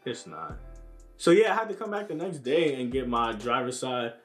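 A man's voice: mid-range voice, very animated, moderate pace, a bit bright, soft background music. A young man casually telling a story to camera in a laid-back, slang-heavy way, acting out what people said to him. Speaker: vlogger.

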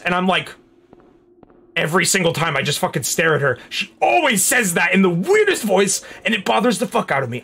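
A young man on a casual gaming stream, telling stories and reacting with swearing, shouts and laughter. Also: high voice, normal speed, creaky, husky. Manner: animated, profane, bursts into shouts and laughter.

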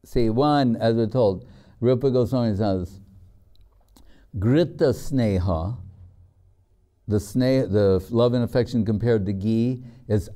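An older man preaching slowly and at length. His voice is deep-toned, very dark, and smooth. He tells stories and loosely acts out the people in them. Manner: storytelling, frequent "you know", acts out quoted voices. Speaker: spiritual teacher. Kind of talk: sermon lecture.

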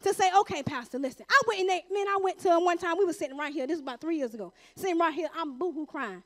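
A woman preaches a testimony in a church sanctuary. Her voice sits very high, and she talks to the congregation in a lively, conversational way, slipping into acted-out dialogue. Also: very fast. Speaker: church member giving testimony. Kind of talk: testimony sermon from the pulpit.

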